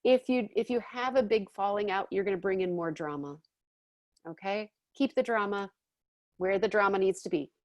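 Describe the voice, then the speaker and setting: A woman with a mid-range voice teaches a class at a moderate pace, with no room sound in the recording. She's casual and chatty, frequently checking in with her listeners with "okay?" and "all right?".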